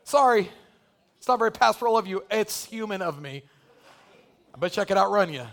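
A man with a strikingly high voice preaching a sermon to his congregation. He moves from quick, joking asides to loud, fervent exhortation, pushing his voice up as he presses his point. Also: expressive, creaky. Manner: impassioned preaching that builds to shouting. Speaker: pastor. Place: church sanctuary.

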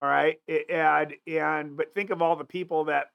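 A man's voice: on the high side, fairly even intonation, moderate pace, gravelly, clean tone, highs cut off. A man hosting a casual talk show, rambling with many restarts and fillers. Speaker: show host.

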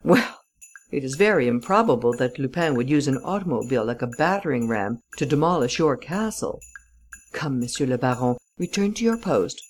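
A woman voicing a calm, self-assured male French detective who speaks in a dry, unhurried, teasing way. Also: very deep voice. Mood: dismissive.

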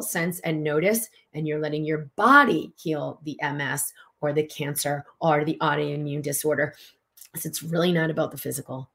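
Animated woman teaching tapping live. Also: sits low. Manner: animated, emphatic, conversational with fillers. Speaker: tapping coach. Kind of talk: live online teaching session.

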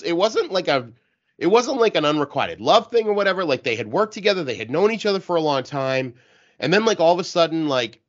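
A man with the hiccups chatting casually on a podcast panel, enthusiastic and halting, with lots of filler words. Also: medium pitch, fairly bright tone. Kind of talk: casual chat. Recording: dull lo-fi audio.

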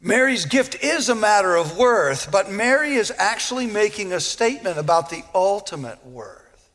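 High-voiced male preacher in a hall. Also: a bit bright. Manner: earnest, emphatic with repeated phrases. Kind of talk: sermon. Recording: long echo of a large hall.

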